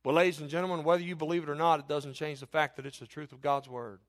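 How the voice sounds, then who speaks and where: An impassioned middle-aged male preacher with a high-pitched voice. He reads scripture aloud and presses his hearers, his voice climbing and swelling toward near-shouts when he drives a point home. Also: fairly even intonation, fast. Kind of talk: sermon.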